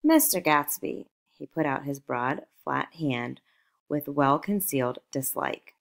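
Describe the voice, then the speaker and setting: A woman narrating a novel aloud in a measured, expressive storytelling manner. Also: rumbling low, creaky. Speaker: audiobook narrator.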